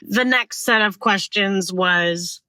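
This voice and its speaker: A woman podcast host telling a story in a casual monologue from her car, talking fast and out of breath, with frequent swearing. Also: medium pitch, bright, forceful tone, no echo, rough recording. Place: parked car.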